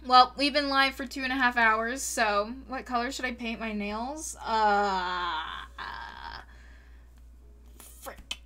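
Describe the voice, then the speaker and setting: A young woman livestreaming a game in casual chat, excitable and prone to gasping and squealing at what she finds. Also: a little high, takes it slowly, long pauses. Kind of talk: casual gaming stream chat.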